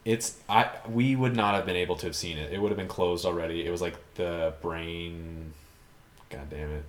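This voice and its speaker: A man's voice: sits low, steady tone, moderate pace. A man from Ontario hosting a casual podcast chat, rambling and hunting for words with lots of fillers. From Ontario, Canada. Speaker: podcast host. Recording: echoey room.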